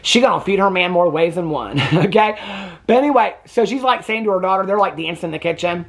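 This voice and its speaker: A man's voice: high voice, animated, fast. A man hosting a reality TV reaction channel, recapping episodes in a sassy, gossipy, chatty way and often asking viewers "okay?". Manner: addresses viewers with repeated "okay?". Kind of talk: casual reaction commentary. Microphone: camera on a tripod.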